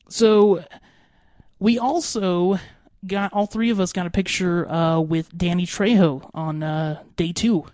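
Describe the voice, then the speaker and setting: A young man hosting a podcast, giving an excitable, rambling recap full of fillers. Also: high voice, dry recording, clean studio sound. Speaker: podcast host.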